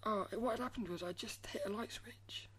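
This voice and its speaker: A woman artist vlogs casually to camera at a moderate pace in a medium-pitched voice, soft-spoken and often slipping into a breathy half-whisper. She rambles and restarts her phrases, with noise in the background.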